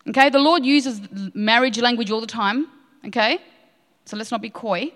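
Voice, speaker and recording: A woman's voice: on the high side, normal speed, fairly bright tone. A woman preaching a sermon with passion, repeating key lines for emphasis. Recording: long hall reverb.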